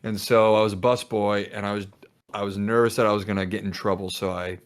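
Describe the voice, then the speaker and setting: A man's voice: fairly low pitch, fast, clean tone. A young man on a podcast, telling a rambling story in casual chat with friends and acting out the voices in it. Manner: rambling, animated, acts out quoted voices. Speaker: podcast co-host.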